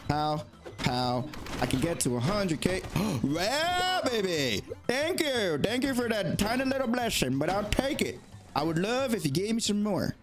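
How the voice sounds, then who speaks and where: A man playing a video game and commenting as he goes, excitable and talking to the game, with sudden high yelps when he panics. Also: normal speed, over music. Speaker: gaming YouTuber. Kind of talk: let's play commentary.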